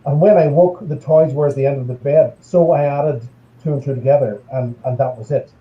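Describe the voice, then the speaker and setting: An Irish man, a guest paranormal investigator, telling a story on a video call in a halting, measured way, often repeating words. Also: mid-range voice, warm tone. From Ireland. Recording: dull lo-fi call audio, echoey room.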